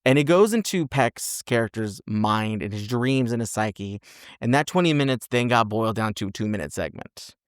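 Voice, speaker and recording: A man in his podcast setup tells a film plot with lively, exaggerated character voices thrown in. His voice sits mid-pitch, and the dry, close recording leaves no room sound around him. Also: moderate pace, smooth, dry recording. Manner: animated storyteller, acts out characters with exaggerated voices. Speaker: podcast co-host. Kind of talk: casual film review chat.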